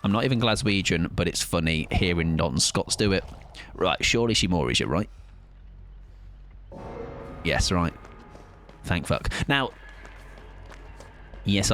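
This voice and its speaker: A man from southern England streams a game and talks with his audience in a relaxed, chatty way, poking fun at himself and firing off quick remarks to chat. His voice sits on the low side and is a bit bright.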